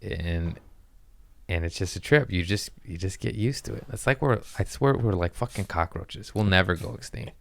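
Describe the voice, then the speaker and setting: A man hosting a casual comedy podcast, talking in a rambling, profane, excitable way. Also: low-pitched, moderate pace, gravelly.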